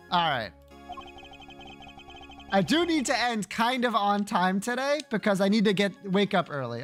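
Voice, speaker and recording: A man streaming a game and chatting casually with his viewers, joking between lines. His voice sits high. Faint music plays underneath. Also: a bit bright. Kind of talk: casual game commentary and reading dialogue aloud.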